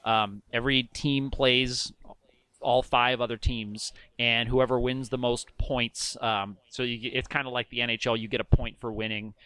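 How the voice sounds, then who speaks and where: A man's voice: mid-range voice, fairly even intonation, moderate pace, fairly bright tone, smooth, no room sound. A man from the American Midwest who lives abroad, co-hosting a casual podcast chat and slipping into quoted voices. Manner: chatty, mimics people in quoted voices. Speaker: podcast co-host living in Ireland.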